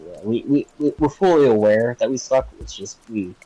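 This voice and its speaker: A man's voice: medium pitch, animated, normal speed, mellow, highs cut off, faint music behind. A young man co-hosting a podcast, chatting casually in a hesitant, rambling way full of fillers. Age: young adult. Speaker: podcast co-host. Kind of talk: casual chat.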